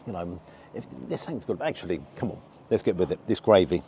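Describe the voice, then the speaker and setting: A man with a fairly low, mellow voice talks through a food review as he eats outdoors. He gives a frank, let-down running commentary on each bite, with a faint hum of outdoor ambience behind him. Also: very animated, fairly quick. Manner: frank, disappointed running commentary while tasting. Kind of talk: casual food review vlog.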